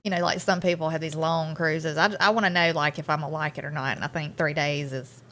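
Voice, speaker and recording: Agreeable woman, lowish voice. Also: fairly even intonation, fast, a bit bright. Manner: friendly, agreeable, backs up her co-host with short replies. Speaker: morning show co-host. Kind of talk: casual morning show chat.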